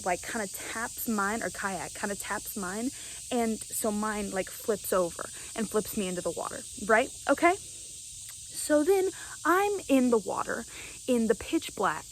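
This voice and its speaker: A young woman telling a story to camera in a casual, animated way, often checking in with "right?". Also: medium pitch, a little hiss or hum, poor audio. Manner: animated, keeps asking "right?". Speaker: vlogger.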